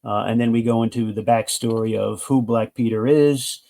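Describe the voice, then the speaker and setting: Gravelly-voiced man rambling through a comic review. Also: lowish voice, fairly even intonation, moderate pace, warm tone. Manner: enthusiastic, rambling retelling with frequent restarts. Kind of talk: casual comic book review.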